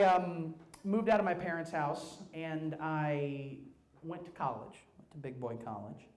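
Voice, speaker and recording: A young man doing a stand-up routine, telling profane stories in a brash, animated way on a club stage. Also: a little high. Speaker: stand-up comedian. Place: comedy club stage before a live audience.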